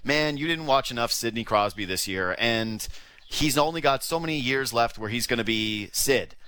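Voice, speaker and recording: A man co-hosting a sports talk show, ranting in a casual, animated way with lots of restarts. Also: medium pitch, normal speed, clear, resonant tone. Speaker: sports radio co-host.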